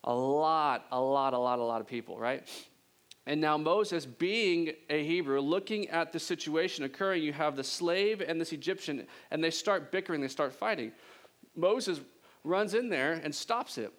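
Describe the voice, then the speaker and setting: A man preaching a sermon in a casual, animated storytelling way. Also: fairly high pitch, moderate pace.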